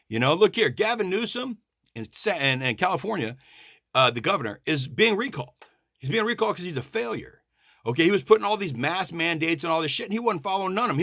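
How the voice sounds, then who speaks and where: A man's voice: a little high, fairly bright tone, dry recording, clean studio sound. A man vlogging a blunt, profane political rant straight to the camera.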